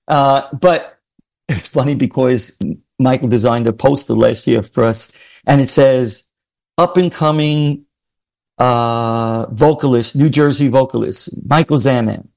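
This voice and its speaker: A middle-aged man, a singer guest, telling stories excitedly and acting out what people said. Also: medium pitch, a little slow, gravelly. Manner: excitable storyteller, acts out quotes, laughs often. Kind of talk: casual interview chat.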